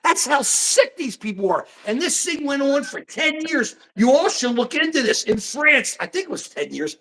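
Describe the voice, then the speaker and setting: A man's voice: extremely high pitch, normal speed, a little hiss or hum. Older guy ranting on his live show, heated, voice jumping up and down a lot. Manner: ranting, animated, mocking put-on voices. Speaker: show host. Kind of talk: heated political livestream chat.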